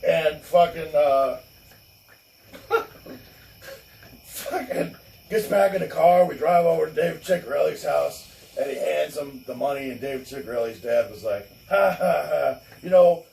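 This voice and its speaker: A man with a slightly high, slightly slow, creaky voice and a darkish tone, leaving long pauses. As co-host of a casual chat, he tells a long story, swearing, laughing and voicing the people in it. The room is echoey, he's far from the mic, and there's faint noise.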